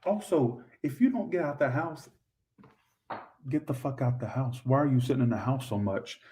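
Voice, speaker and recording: Male tarot reader, brash and crude, middle pitch, some distance from the mic. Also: moderate pace. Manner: blunt, swears freely, loud outbursts. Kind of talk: live tarot reading.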